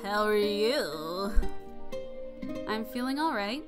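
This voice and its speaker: A woman's voice: mid-range voice, expressive, takes it slowly. A woman voicing a young boy in a hospital bed, loopy from medication, with a slurred, drunk-sounding drawl. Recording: music playing underneath.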